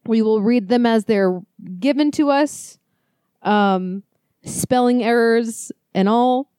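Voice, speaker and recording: A woman co-hosting a podcast, chatting casually and reading listener ghost stories aloud with quick, laughing, profane asides. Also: a little high, warm tone, smooth, no room sound, studio quality. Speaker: podcast co-host.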